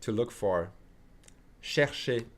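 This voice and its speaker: A man's voice: medium pitch, expressive, slow. A man teaching an online language lesson, chatty and full of asides, often checking in with his students. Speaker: French teacher.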